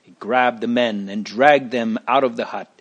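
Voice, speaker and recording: A man reading a chapter book aloud in a slow, deliberate storybook narration. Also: mid-range voice, fairly even intonation, muffled recording.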